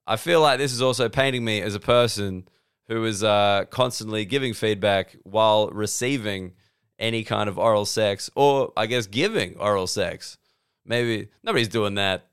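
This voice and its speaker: Rambling Australian comedian, smooth voice. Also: male voice, fairly low pitch, moderate pace, a bit bright. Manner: rambling, self-deprecating, swears freely. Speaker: podcast host, comedian. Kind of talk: solo casual podcast monologue.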